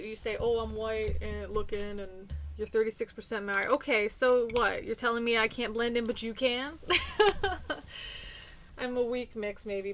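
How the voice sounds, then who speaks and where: A woman from New Zealand with a medium-pitched voice hosts a casual livestream, answering viewers' comments over slight background noise. She's chatty yet hesitant, with lots of ums and restarts.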